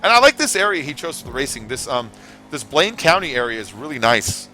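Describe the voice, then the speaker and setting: Soft music plays behind a man whose medium-pitched voice is sing-song, a little fast, pushed, and bright. Streaming a racing game, he talks straight to his chat in a rambling, chatty way loaded with fillers, offering casual commentary as he races.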